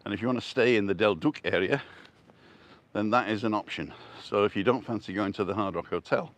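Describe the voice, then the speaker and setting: A man's voice: on the low side, a little fast, a bit bright. An older man live-streaming on a street walk, chatting casually and answering viewers' comments as he goes. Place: outdoors on a street.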